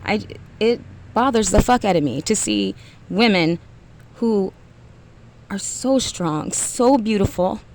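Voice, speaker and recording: A woman speaks to camera in a blunt, profane motivational rant aimed at single mothers. Her voice sits at an ordinary middle pitch, with a faint hiss behind it. She hammers her points home with swearing and trails off into sighs. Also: big pitch swings, slow pace, long pauses, darkish tone.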